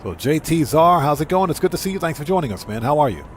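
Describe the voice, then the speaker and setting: A man's voice: fairly high pitch, sing-song, fast talker. Chatty male game streamer. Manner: chatty, greets subscribers and reads chat aloud. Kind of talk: live gameplay commentary.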